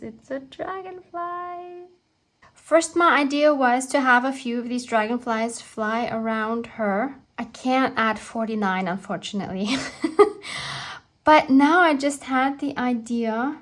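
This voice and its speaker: A woman hosting a crafting video, chatting casually and warmly as she works, laughing often and gushing over her projects. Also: fairly high pitch. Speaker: crafting channel host. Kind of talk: casual craft tutorial chat.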